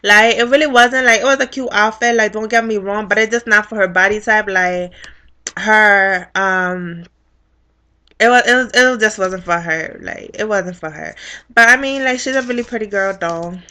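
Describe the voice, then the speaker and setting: A young woman casually recapping a reality show, blunt and profane, with animated storytelling. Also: medium pitch, moderate pace.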